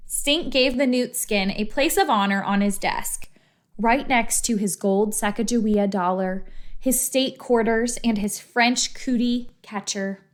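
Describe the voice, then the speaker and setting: A woman reading a children's book aloud in an expressive, animated storytelling manner. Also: fairly high pitch.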